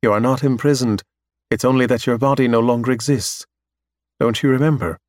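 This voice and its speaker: A man voicing a calm, precise android scientist who speaks matter-of-factly. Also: mid-range voice, brisk, no echo, clean studio sound, natural voice. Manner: completely calm, matter-of-fact.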